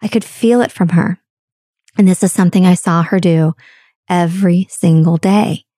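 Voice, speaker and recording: A woman speaks candidly in a reflective monologue, with a fairly low and mellow voice. Her delivery is dry and close, with no room sound. She stretches key words for emphasis as she tells stories. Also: fairly even intonation, no room sound. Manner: candid, storytelling, drawn-out emphasis.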